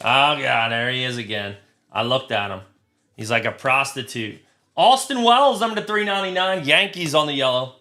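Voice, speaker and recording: A man hosts a live trading card break, speaking crudely and growing excited, shouting whenever a big card turns up. His voice is medium in pitch and his pace is normal.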